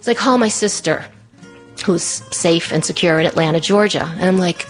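A middle-aged woman telling a personal story live, animated, acting out the people in it. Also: normal speed, soft background music. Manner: animated, acts out her child in a high voice.

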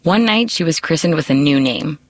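A woman reporter narrating a scripted radio news feature in a measured, storytelling way. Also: low voice, animated, heavy background noise.

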